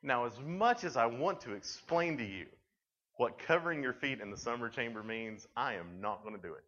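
A man giving a youth camp sermon, telling a story in a lively, conversational way and filling his talk with "like". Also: mid-range voice, normal speed. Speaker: camp speaker. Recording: dull lo-fi recording.

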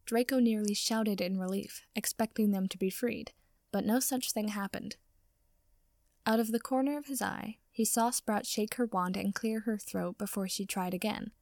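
Gravelly woman reading a story. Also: medium pitch, normal speed, no room sound, studio quality. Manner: steady storytelling narration. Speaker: audiobook reader. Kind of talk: fan fiction reading.

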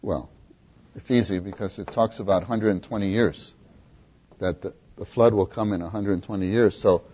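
A man preaching a sermon, often questioning his listeners and repeating words for emphasis, with a husky voice, on a dull lo-fi recording. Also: lowish voice, fairly even intonation, moderate pace, mellow. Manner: questions the audience, emphatic repetition.

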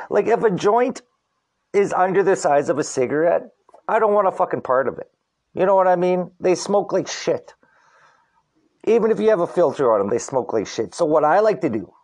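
A man's voice: a little high, a little mellow. A middle-aged man hosting a podcast alone, ranting in a rambling, profane, slangy way, full of "dude" and "like". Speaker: podcast host. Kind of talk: casual solo podcast rant.

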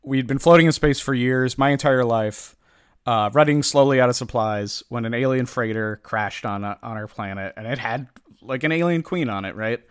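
A man recaps a comic story in casual podcast chat, jumping into quick impressions of the characters. His voice is smooth and clear, recorded close and dry. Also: mid-range voice, dry recording. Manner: animated storyteller, acts out characters' lines, lots of "like" fillers.

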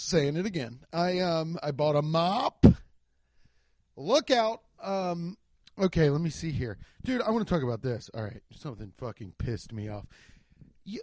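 A man hosting his own podcast from home, ranting in a rambling, profane, animated way. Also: a little high, no room sound, studio quality. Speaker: podcast host. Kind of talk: solo comedic rant. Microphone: desk microphone.

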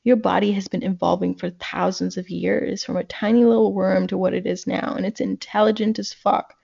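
A woman in her thirties, a podcast guest, talking in an earnest, reflective way and slowing down to stress her points. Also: mid-range voice, flat delivery, creaky, dark tone, husky. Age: 30s. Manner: earnest, reflective, slows for emphasis. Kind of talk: casual podcast conversation. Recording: dull lo-fi sound.

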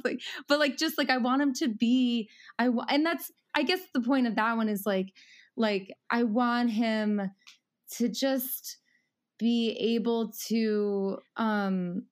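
A woman's voice: a little high, a little slow. A woman in her thirties talking casually as a podcast guest, rambling with many fillers and frequent laughs.

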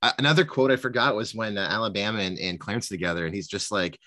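A man co-hosting a podcast, chatting casually about a movie, swearing freely and animated. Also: lowish voice, fast, no room sound. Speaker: podcast co-host.

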